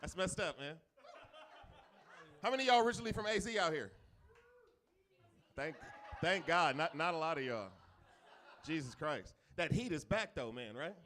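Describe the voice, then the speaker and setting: A male stand-up comic on a club stage, rambling through gripes with a profane, chatty delivery. His voice sits fairly high. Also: expressive, moderate pace, pauses often, pushed and bright. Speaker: stand-up comedian. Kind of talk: stand-up comedy set.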